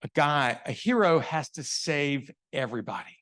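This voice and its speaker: A man's voice: a little high, animated, moderate pace, fairly bright tone. Man telling a story in a sales talk. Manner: conversational, rhetorical questions to the audience. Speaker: sales consultant giving a keynote. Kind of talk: live business talk with storytelling. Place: event venue before an audience.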